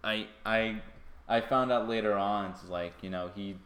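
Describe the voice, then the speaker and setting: A man spins a rambling story in relaxed podcast chat. His voice sits a little low but comes across bright and sharp. He leans on "like" and "you know" constantly. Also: normal speed.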